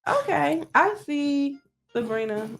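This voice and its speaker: A woman co-hosting a podcast who reads aloud haltingly and reacts with surprise. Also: high voice, lively intonation, vocal fry, faint music behind. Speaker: podcast co-host. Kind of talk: casual chat.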